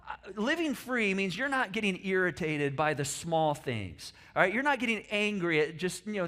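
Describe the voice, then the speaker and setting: Male pastor, middle-aged, American, sermon delivery, conversational with rhetorical questions, slightly higher voice. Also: a bit bright. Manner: conversational, earnest, with frequent restarts and rhetorical questions.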